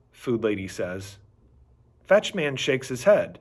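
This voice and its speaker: A man reading a children's chapter book aloud with animated, expressive storytelling. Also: mid-range voice, slow pace. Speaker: reader.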